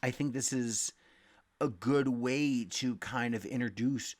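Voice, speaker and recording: A young man talking casually about comics, rambling, swearing freely and loudly acting out quotes. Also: medium pitch, slow pace. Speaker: comic book podcast host. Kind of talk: casual comic review rant.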